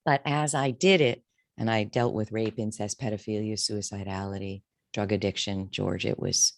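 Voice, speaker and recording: A woman's voice: steady tone, moderate pace, creaky, no echo. A woman in her fifties, a career coach telling her story candidly and emotionally in an interview. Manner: candid, emotional, wide swings in pitch.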